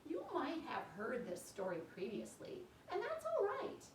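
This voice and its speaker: A woman teaching yoga to young children, reading a story aloud and guiding poses gently, making animal sounds along the way. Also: high voice, huge pitch swings, normal speed. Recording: roomy echo, distant mic, faint background noise.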